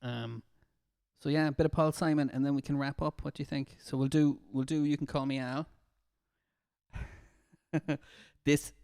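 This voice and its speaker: A man's voice: on the high side, steady tone, normal speed, creaky, pauses often, a little mellow, clear, resonant tone, no echo. A man with an Irish accent, a music therapist, chatting casually on a live stream and reading out viewer comments with easy laughter. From Ireland. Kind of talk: casual chat to a live stream audience between songs. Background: acoustic guitar.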